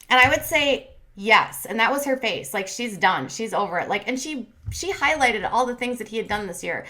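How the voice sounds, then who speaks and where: A woman with a bright, ringing voice talks through a reality show recap in a loose, chatty way. She retells scenes and quotes, full of "like" and "um". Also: a little high, animated, moderate pace. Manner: chatty, lots of fillers and retold quotes. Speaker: commentary channel host. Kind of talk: casual recap commentary.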